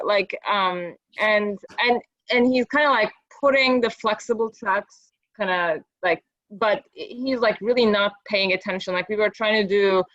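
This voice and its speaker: A woman's voice: medium pitch, a little slow, a bit bright, no room sound. Mom telling her coach how it went, lots of um and like, dry muffled audio. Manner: hesitant, many fillers and restarts. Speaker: parent. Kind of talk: casual account in a parent coaching session.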